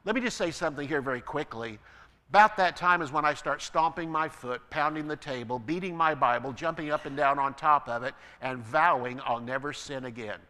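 A man preaching a sermon as pastor, building to emphatic peaks and then dropping to quiet asides. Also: on the high side, a little fast, big-room sound. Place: church.

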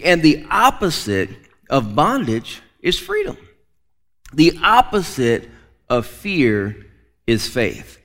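A man's voice: fairly high pitch, very animated, takes it slowly, a bit bright. A man preaching a sermon as pastor, emphatic, often repeating and restarting words. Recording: long reverb of a large hall.

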